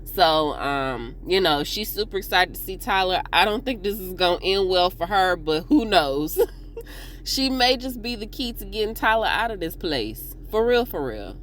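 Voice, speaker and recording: A woman hosting a casual TV episode recap, chatting to viewers in a slangy, animated way. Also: mid-range voice, moderate pace, slight background noise. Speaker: TV recap host.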